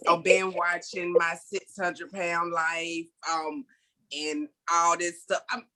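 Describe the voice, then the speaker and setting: A woman's voice: lowish voice, little pitch movement, slow pace, bright, forceful tone. A woman co-hosting a casual podcast who complains about her own day in a self-mocking way. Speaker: podcast co-host. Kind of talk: casual chat.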